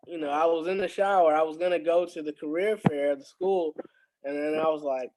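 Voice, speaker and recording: A man's voice: a little high, measured pace, low-quality recording. A young adult man, a podcast guest, telling a story in casual talk, laughing often and acting out the dialogue. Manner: animated, laughs often, acts out quoted dialogue.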